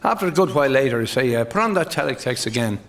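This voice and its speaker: An Irish man, a stand-up comedian telling football jokes who laughs at his own punchlines and slips into quick voices for his characters. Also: medium pitch, expressive, fairly bright tone. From Ireland.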